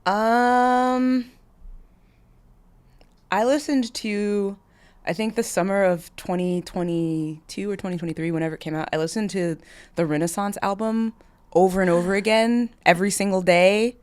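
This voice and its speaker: A woman guest on a podcast, chatting casually and laughing often, giving short relaxed answers. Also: medium pitch, moderate pace, clear, resonant tone. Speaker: guest, pro cyclist.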